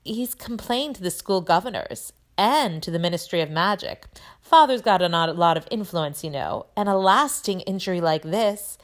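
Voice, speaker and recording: A woman's voice: fairly low pitch, expressive, moderate pace, lightly acted. A woman reading aloud and voicing a smug, spoiled schoolboy bully who drawls mockingly.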